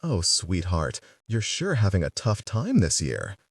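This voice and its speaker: A man reading an audiobook, voicing a gentle, motherly woman who speaks tenderly. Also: sits low, huge pitch swings, unhurried, creaky, slightly rough, no echo, studio quality, distant mic, heavily acted. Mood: soothing. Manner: soothing, tender.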